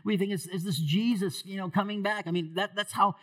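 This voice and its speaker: A man preaches as pastor to his congregation, questioning them and alternating hushed low lines with loud raised ones. His tone stays steady, his pace is a little fast, and he hardly pauses.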